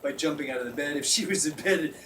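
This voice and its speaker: A young man with a high, bright voice tells a rambling comic story, breaking into laughter again and again. He swears freely and acts out the loud screams. He sounds a little far from the mic, with faint noise behind him. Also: fast. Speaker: storyteller guest. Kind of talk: casual comedic storytelling.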